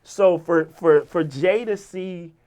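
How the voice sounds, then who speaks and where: A man with a Virginia accent, a rapper telling stories as an interview guest in a casual, animated way, swearing and acting out the people he quotes. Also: sits high, slow. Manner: animated, profane, quotes people in lively voices. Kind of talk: casual storytelling.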